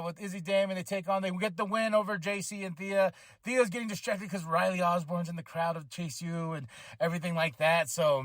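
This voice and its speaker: A man hosting a podcast, recapping a wrestling show in a casual, animated way, with frequent fillers and quick laughs. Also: high voice, no room sound, studio quality. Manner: animated, acts out wrestlers' lines in quick voices. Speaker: podcast host.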